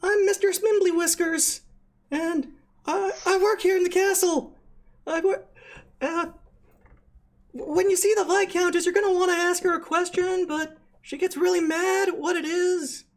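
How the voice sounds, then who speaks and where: A man's voice: steady tone, a little slow. A man voicing a timid little male kobold servant who stammers nervously. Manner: stammering, squeaky, hesitant.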